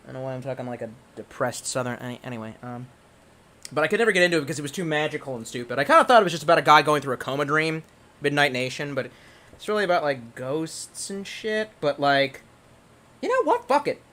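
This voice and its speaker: A fast-talking man with a fairly high pitch chats on a livestream, reading out viewer messages. Rambling and swearing, he stammers and restarts, his mood swinging from excited to gloomy.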